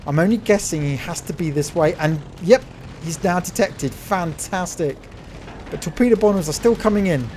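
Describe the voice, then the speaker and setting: A man giving excitable play-by-play commentary over a naval battle game replay, cheering his teammate on and talking to viewers as folks. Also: high-pitched, normal speed, a little hiss or hum. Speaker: gaming channel host.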